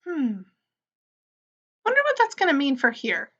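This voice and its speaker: Bright-voiced teacher woman, slow spelling. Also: high voice, huge pitch swings, highs cut off. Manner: slow, sound-by-sound spelling for young children; gently encouraging, asks questions and answers them. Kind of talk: early-grade phonics lesson.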